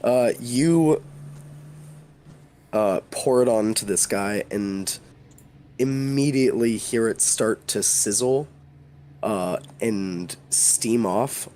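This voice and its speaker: A man narrating as game master, describing scenes in a halting way with many fillers. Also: lowish voice, dark tone, slight background noise.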